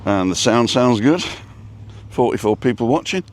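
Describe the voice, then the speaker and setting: A man with a low, deep voice chats away casually on a live stream while walking down a street outdoors. He rambles, greets viewers by name, and talks into a phone held on a selfie stick. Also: animated, normal speed. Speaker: vlog host.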